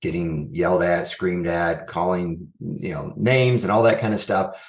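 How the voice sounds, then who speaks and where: A man's voice: low voice, fairly even intonation, unhurried, reverberant. A man, a school superintendent, giving earnest, reflective interview answers and thinking aloud with frequent restarts.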